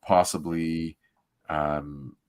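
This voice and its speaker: Very low-voiced chatty comic co-host. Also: male voice, flat delivery, extremely slow, darkish tone. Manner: chatty, enthusiastic, self-correcting with laughs. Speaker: podcast co-host reading comics. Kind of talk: casual chat and comic narration reading. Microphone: desk microphone.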